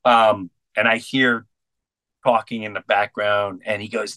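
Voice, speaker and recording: A middle-aged man with a bright, forward voice tells a story with earnest intensity. He acts out both sides of the conversations he recalls. His voice sits close and dry, with little room around it. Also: lowish voice, little pitch movement, measured pace, no echo. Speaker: guest comedian. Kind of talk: storytelling in a podcast interview.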